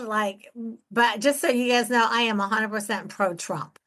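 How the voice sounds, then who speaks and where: A woman's voice: a little high, fairly even intonation, normal speed, fairly bright tone. A woman hosting her own real estate investing podcast from home, talking in a candid, chatty and enthusiastic way. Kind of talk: casual solo podcast talk.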